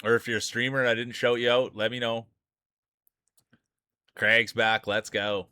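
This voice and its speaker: A man commentates marble races on his live stream, building each race up like a big sports event and calling out his viewers by name. His voice is smooth and resonant at a middle pitch. The sound is dry and close to the microphone. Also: level tone, normal speed, bright, forceful tone, no echo.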